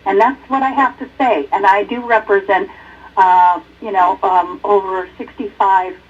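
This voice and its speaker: A woman from Alaska calling in to testify at a hearing, speaking earnestly and haltingly. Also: mid-range voice, steady tone, breathy edge. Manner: earnest, halting, many fillers. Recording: distant muffled telephone line.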